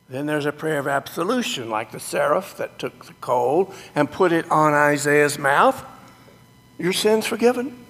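A man, a pastor teaching his congregation about worship in a sermon, animated with folksy exclamations, in a church sanctuary. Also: mid-range voice, gravelly. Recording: echoey sanctuary reverb.

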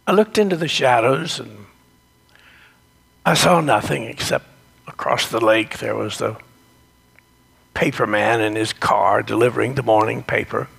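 A man telling a gentle, reflective devotional story, sometimes dropping into a whisper. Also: medium pitch, a little slow, vocal fry, pauses often, slightly rough.

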